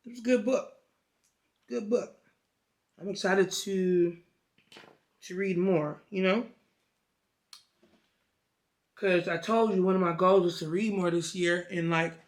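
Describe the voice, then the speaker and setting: A woman vlogger telling a story in a casual, slangy, profane way and chatting about a book. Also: lowish voice. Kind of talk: casual vlog chat and book retelling.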